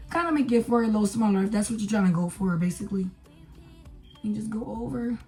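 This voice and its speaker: Young woman, casual makeup vlog, chatty, mellow tone, faint music behind. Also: mid-range voice. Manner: chatty, filler-heavy, talking to viewers while applying makeup. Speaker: beauty vlogger.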